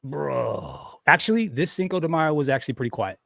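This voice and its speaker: Brief: high-pitched man, animated profane storyteller, dry close sound. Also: brisk, gravelly, no room sound. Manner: animated, profane, acts out quotes loudly. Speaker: podcast host. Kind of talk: casual storytelling chat.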